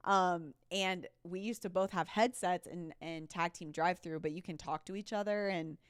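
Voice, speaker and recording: A woman's voice: lowish voice, fairly even intonation, normal speed, clear, resonant tone, no room sound, clean studio sound. A young woman co-hosting a faith podcast in casual, rambling chat, laughing often. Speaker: podcast co-host.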